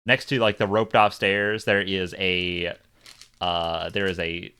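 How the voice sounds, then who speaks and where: A man narrating a tabletop game as game master, describing scenes in a halting, stop-start way. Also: low voice, level tone, bright, forceful tone, smooth.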